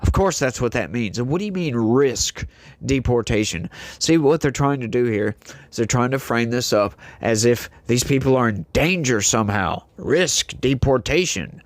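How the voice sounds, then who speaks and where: Male host, lilt, sarcastic and incredulous delivery, dry close recording, mid pitch. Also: brisk, no echo. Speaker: political commentary host. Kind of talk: casual political commentary.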